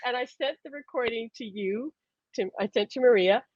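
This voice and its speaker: A woman hosting a live stream, telling stories in a lively, casual way and laughing often. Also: a little high, normal speed, no room sound. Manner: animated storyteller, laughs often. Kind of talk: casual chat. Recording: dull lo-fi stream audio.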